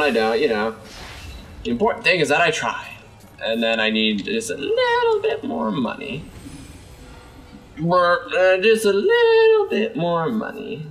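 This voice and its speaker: A young man with a slightly hoarse, sore voice, chatty let's-play commentary, exclaiming and talking back to enemies as he plays. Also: mid-range voice, a bit bright, far from the mic, slight background noise. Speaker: gameplay commentator.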